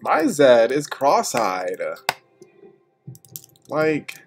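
A man's voice: mid-range voice, huge pitch swings, very slow. Exasperated man ranting while gaming. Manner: exasperated, profane trash talk. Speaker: game streamer. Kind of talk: casual live game commentary. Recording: noisy stream audio with clicks.

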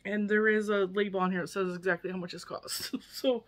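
With a medium-pitched, fairly even voice, this woman talks briskly and hardly pauses. A crochet YouTuber from the US in her forties, she's unboxing yarn gifts for her viewers, chatting casually and emotionally with lots of laughter.

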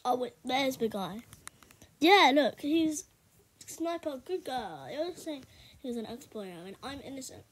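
A high-voiced young woman talks through a game for her video, rambling along in a loose, chatty way and breaking into loud bursts of excitement. A faint noise sits under the recording. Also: unhurried. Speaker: gaming video creator. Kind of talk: casual gameplay commentary.

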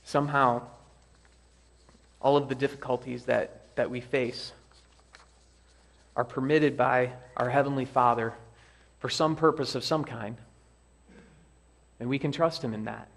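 Male pastor, mid-pitched, earnest sermon delivery, reads story passages aloud with feeling. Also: unhurried, vocal fry, pauses often. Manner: earnest, reads quoted lines with lively emphasis. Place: church sanctuary.

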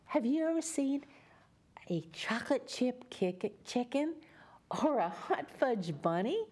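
A woman's voice: high voice, darkish tone. A woman from Louisiana with a Louisiana accent, reading a story aloud to young children in a sing-song, coaxing way.

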